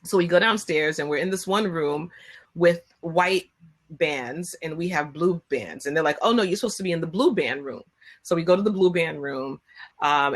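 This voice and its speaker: A woman telling a long personal story in casual chat on a video call, acting out what people said. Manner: animated, acts out quotes with rising pitch. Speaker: guest.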